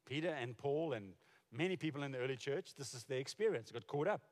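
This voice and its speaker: Casting: middle-aged male pastor, mid-pitched, chatty storyteller, live church hall reverb. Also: lively intonation, fast talker. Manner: storytelling, conversational with restarts. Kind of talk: sermon.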